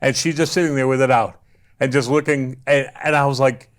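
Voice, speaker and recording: A man's voice: mid-range voice, steady tone, brisk. A man, a former wrestler, telling rambling stories with crude jokes as a guest on a casual podcast. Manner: rambling storyteller, crude joking, restarts often.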